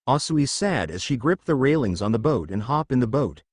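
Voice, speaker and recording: A man reading a fan story aloud in an animated storytelling manner on a close mic. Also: medium pitch, normal speed, husky, no echo. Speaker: fanfic narrator.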